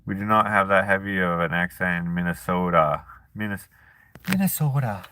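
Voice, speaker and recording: A man's voice: low-pitched, steady tone, normal speed, sharp tone, slight background noise. A man hosting a casual live chat who reads viewer comments aloud and jokes and laughs at himself in a laid-back way. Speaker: streamer host.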